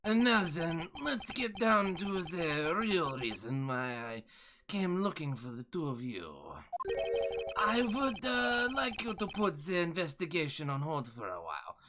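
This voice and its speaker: A pompous old foreign ambassador, put on by a man speaks in a shifting European accent. He is formal and hesitant, padding his lines with polite fillers. His pitch swings widely, and game music plays underneath. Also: very animated, unhurried. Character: older male foreign ambassador, pompous and smooth.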